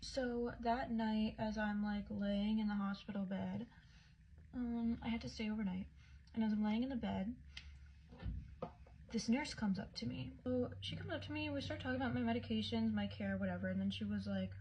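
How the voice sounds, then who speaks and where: A woman's voice: a little high, steady tone, normal speed, mellow. Chatty woman telling her own story. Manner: chatty, many filler "like"s. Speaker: patient recounting her own experience. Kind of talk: casual personal storytelling. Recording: dull lo-fi with faint background noise.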